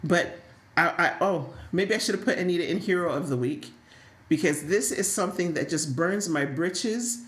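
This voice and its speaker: A woman co-hosting a casual soap opera recap, telling stories in a lively, sassy way with frequent laughs. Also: lowish voice, moderate pace, reverberant. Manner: animated, laughing, sassy storytelling. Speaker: podcast co-host.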